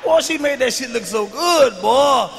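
A man works a live comedy stage, his voice riding unusually high and bright. He swaggers through profane stories, breaking into shouts and then dropping to near-murmurs. A faint hum of noise sits under the handheld mic. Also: expressive, measured pace, long reverb tail. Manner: loud, swaggering, profane storytelling with sudden shouts and drops to a murmur. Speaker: stand-up comedian. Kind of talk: stand-up comedy routine. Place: large live venue on stage.

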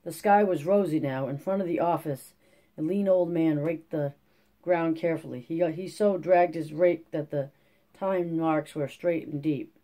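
A narrator reading a classic novel aloud for an audiobook channel. The voice is warm and mellow, and the delivery is steady, with the odd slip and restart. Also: medium pitch, a little slow.

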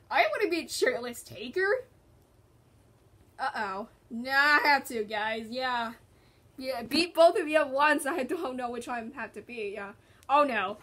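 A woman hosting a gaming video, excitedly reacting to a match and chatting in voices for her stuffed animals. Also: high-pitched, unhurried. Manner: excitable, squealing and groaning at the game. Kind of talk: playful game commentary with toy voices.

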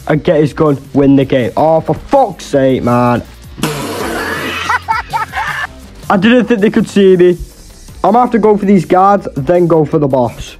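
A young man talks over his gameplay in a high, bouncy voice that swings all over the place. He is exasperated and jokey, swearing freely as he plays. A little music runs faintly underneath. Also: a little mellow. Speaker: gaming YouTuber. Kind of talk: casual gameplay commentary.

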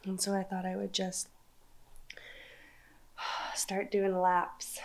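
A woman's voice: medium pitch, completely flat delivery, takes it slowly, gravelly, long pauses. A woman with a blocked nose from a cold, chatting casually as a mother vlogging and narrating her home birth, with plenty of filler words. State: congested from a cold. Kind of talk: casual vlog and voice-over commentary.

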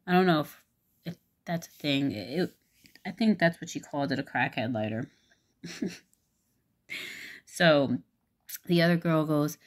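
A woman telling a personal story in a casual vlog, rambling and halting with many fillers, and swearing frankly. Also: sits low.

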